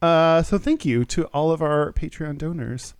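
A man's voice: a little high, moderate pace, smooth, dry recording. A man co-hosting a podcast in casual chat, joking, giggling and trailing off mid-sentence. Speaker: podcast co-host.

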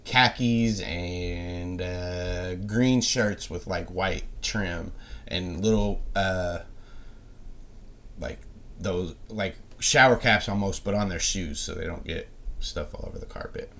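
A man's voice: low voice, takes it slowly, a bit bright. A man narrating as game master of a tabletop game, rambling along with many fillers.

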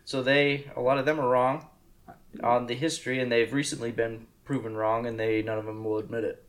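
A man's voice: medium pitch, level tone, brisk. A young man co-hosting a podcast, easygoing in casual chat with sarcastic asides. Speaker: podcast co-host.

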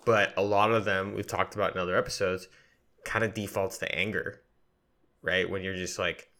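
Deep bright-voiced man, casual podcast talk. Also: fairly even intonation, moderate pace. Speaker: podcast co-host.

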